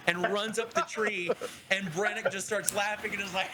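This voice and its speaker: A man narrates a tabletop game as game master, in loose, rambling descriptions broken up by laughter. His voice sits slightly high, with a steady hiss behind it. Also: moderate pace.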